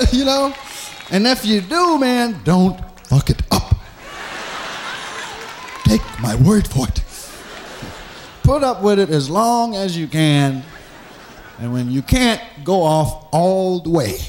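Animated profane man doing stand-up. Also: sits high, slow, pauses often, a little hiss or hum. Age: adult, married. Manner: profane, animated, acts out voices of men in bars. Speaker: stand-up comedian. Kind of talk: stand-up comedy routine.

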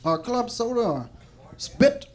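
A man's voice: extremely high pitch, big pitch swings, takes it slowly, very noisy. A man doing a stand-up set on a club stage, rambling and profane and laughing between lines, his mouth gone dry. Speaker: stand-up comedian. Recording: live club recording with loud crowd. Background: audience reacting.

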